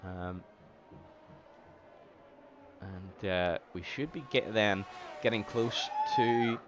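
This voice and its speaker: Over a faint hiss or hum, a man with a lowish voice commentates an online sim race on a stream. His casual delivery is halting, full of fillers and false starts.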